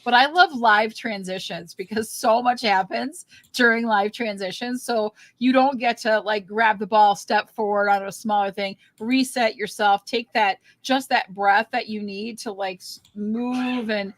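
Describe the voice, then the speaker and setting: A woman's voice: mid-range voice, measured pace, few pauses, dry recording. A woman co-hosting a casual talk show, speaking enthusiastically and restarting her sentences often. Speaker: podcast co-host. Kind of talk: casual chat.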